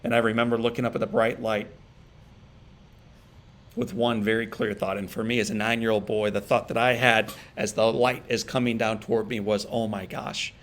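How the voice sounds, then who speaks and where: A man giving an emotional inspirational keynote, telling a personal story with pauses and repeated phrases for emphasis. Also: fairly low pitch, flat delivery. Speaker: motivational speaker. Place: virtual event stream.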